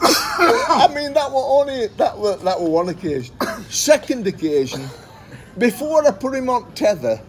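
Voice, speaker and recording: A man's voice: extremely high pitch, wildly swooping pitch, a little slow, a little hiss or hum. A man telling a rambling anecdote, swearing constantly and repeating himself. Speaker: storyteller.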